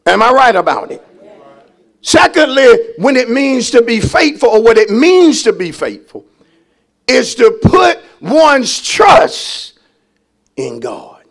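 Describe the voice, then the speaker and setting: High-voiced shouting preacher man. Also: very animated, slow pace, gravelly. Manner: preaching with call-and-response, shouting emphasis. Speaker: pastor. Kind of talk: call-and-response sermon.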